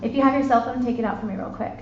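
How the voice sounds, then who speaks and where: A woman in her thirties giving a chatty, bubbly sales pitch to a live audience, calling them "you guys". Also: rapid-fire, slight background noise. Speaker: sales presenter. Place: meeting room with an audience. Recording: echoey, dull lo-fi room recording.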